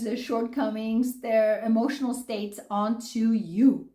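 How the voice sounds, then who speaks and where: A woman's voice: on the high side, fairly even intonation, unhurried, few pauses, dark tone, echoey room. A middle-aged woman explaining psychology casually and animatedly, acting out quoted lines and laughing often. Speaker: psychology video host.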